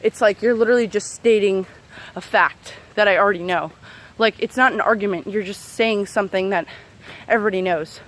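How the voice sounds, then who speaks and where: A woman's voice: medium pitch, brisk, a bit bright. A young woman ranting heatedly to camera as a vlogger, profane and sarcastic, with many fillers. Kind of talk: angry unscripted rant to camera.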